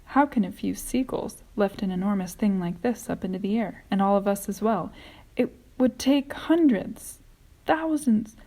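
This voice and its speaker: A woman's voice: mid-range voice, normal speed, dark tone, natural voice. A woman reading aloud, voicing an old male grasshopper who speaks eagerly and emphatically in a storybook. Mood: doubtful.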